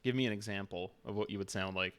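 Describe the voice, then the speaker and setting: Smooth-voiced male streamer running a game. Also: on the low side, fairly even intonation, a bit bright. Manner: halting, full of fillers, amused. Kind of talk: casual improvised narration.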